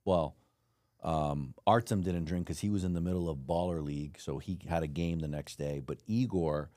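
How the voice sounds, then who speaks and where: A man's voice: low voice, normal speed, no echo, clean studio sound. A man hosting a casual podcast interview, telling stories with acted-out voices. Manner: animated storytelling, acts out voices. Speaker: podcast host.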